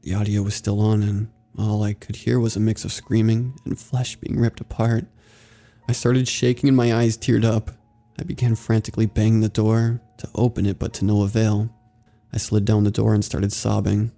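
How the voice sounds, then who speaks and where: A man reading a horror story aloud in a steady, somber scripted narration. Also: fairly low pitch, normal speed, vocal fry.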